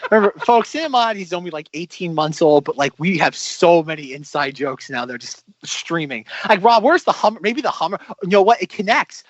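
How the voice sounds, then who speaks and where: A man co-hosting a casual film podcast, talking in a rambling, animated way and acting out mock quotes. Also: high-pitched, fairly quick, few pauses, no room sound. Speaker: podcast co-host. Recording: dull lo-fi dry podcast audio.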